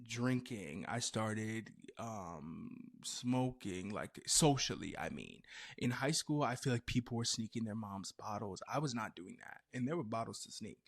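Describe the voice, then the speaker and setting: Animated young man chatting on a podcast. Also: on the low side, measured pace, creaky. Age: 20s. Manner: animated storytelling with playful asides. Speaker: podcast host. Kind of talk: casual chat.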